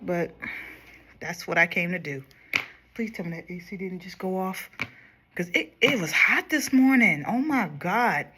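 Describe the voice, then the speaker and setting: A young woman casually chatting to her viewers while doing her makeup, going quieter as she concentrates. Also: lowish voice, lively intonation, a little slow, a little hiss or hum. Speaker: makeup vlogger. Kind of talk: casual makeup tutorial chat.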